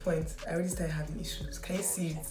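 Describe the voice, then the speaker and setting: A young woman with a low voice chats casually to her viewers and pokes fun at herself. She sprinkles "like" through almost every line. The recording has a roomy echo and faint music underneath. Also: little pitch movement, fast. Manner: chatty, self-mocking, full of "like". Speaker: beauty vlogger. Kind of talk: casual chat to camera and voice-over commentary.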